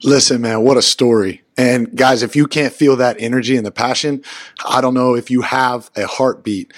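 Energetic male interview host, enthusiastic, with a mid-range voice and a dry close sound. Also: medium pitch, moderate pace, no room sound. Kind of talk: interview conversation.

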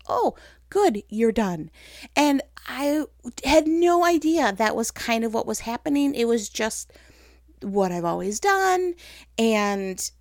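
On the high side in pitch, a woman hosts a laid-back faith-based conversation recorded at studio quality without room sound. She tells stories animatedly, acts out her own thoughts in voices, and teases herself as she chats.

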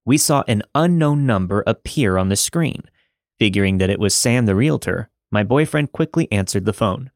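A man reading a listener's true scary story in a steady, measured narrating voice. His pitch sits on the low side, and the sound is dry and close with no room around it. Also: no echo. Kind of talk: scripted first-person story narration.

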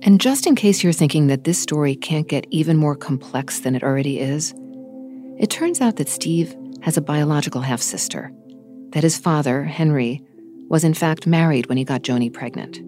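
A woman hosting a podcast, narrating the story and talking with her guest in a thoughtful, measured way. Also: low voice, expressive, dark tone, soft background music. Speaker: podcast host. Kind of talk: host narration and conversation.

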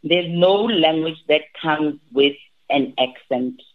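Animated woman on a tinny line. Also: low-pitched, slow. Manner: animated, repeats and restarts, acts out quotes. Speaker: language academy teacher, guest. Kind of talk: interview answers, advice.

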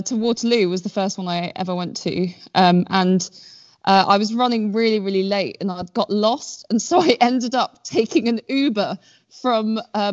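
A woman's voice: mid-range voice, darkish tone. A woman guest on a podcast, telling stories in a rambling, self-deprecating way with many fillers. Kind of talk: casual chat. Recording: dull lo-fi sound.

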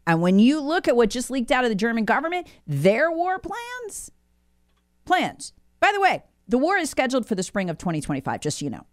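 A woman's voice: on the high side, wildly swooping pitch, a little fast, no room sound, studio quality. A woman speaking as a guest commentator, alarmed and insistent, often repeating words for emphasis.

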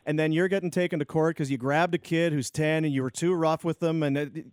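A man's voice: a little high, steady tone, brisk, darkish tone, clean tone, no room sound, clean studio sound. Teasing man hosting radio chat. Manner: joking, teasing. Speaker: radio host.

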